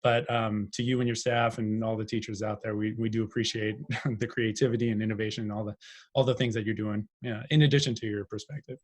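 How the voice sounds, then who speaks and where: A man's voice: on the low side, little pitch movement, fast talker. A man who moderates a foundation's online panel, polite and appreciative, speaking loosely over a video call.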